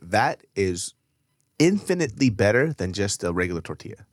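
Man, low voice, dry close mic, laid-back slangy podcast chat, swears a lot. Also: very animated, normal speed, no echo. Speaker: podcast co-host. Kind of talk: casual chat.

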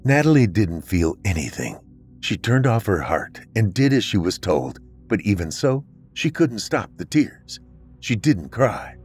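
Low-voiced man narrating horror. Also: big pitch swings, measured pace, a little mellow, breathy edge, faint music behind. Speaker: podcast narrator.

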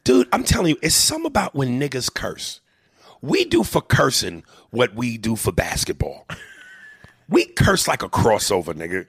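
A man co-hosting a casual chat, talking animatedly and profanely and slipping into quick impressions. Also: mid-range voice, wildly swooping pitch, a bit bright, slightly rough, no echo, studio quality. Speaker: podcast co-host. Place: hotel room.

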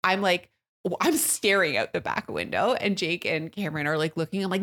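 A woman, co-hosting a podcast, telling a story in an animated way, laughing often and acting out loud quotes. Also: fairly low pitch, fairly quick. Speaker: podcast co-host. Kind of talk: casual storytelling chat.

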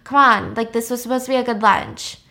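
A woman's voice: brisk, creaky, pushed and bright. A woman doing a gushing, careless young mom. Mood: pleading. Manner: high gushing chatter, turning flustered and pleading. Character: bubbly tipsy young mom, careless and defensive.

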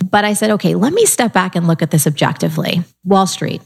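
A middle-aged woman telling her life story in casual conversation, animated, acting out her own inner voice and the people she quotes. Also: fairly low pitch, fast, vocal fry, slightly rough.

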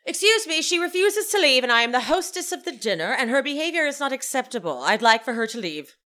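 A woman mimicking an indignant, tearful middle-aged woman hosting a dinner, in a shrill, haughty, dramatic voice. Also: big pitch swings, fast talker, sharp tone, exaggerated voice.

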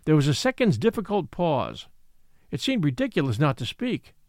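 Expressive male audiobook narrator. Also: fairly high pitch, moderate pace, no echo, clean studio sound. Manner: dramatic, expressive reading.

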